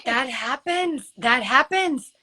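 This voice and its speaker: A woman's voice: sits high, expressive, slow pace, pushed and bright. A woman in her thirties chatting casually and rambling on a live video call about modeling. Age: 30s. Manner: chatty, rambling, talks directly to the host. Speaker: model and guest.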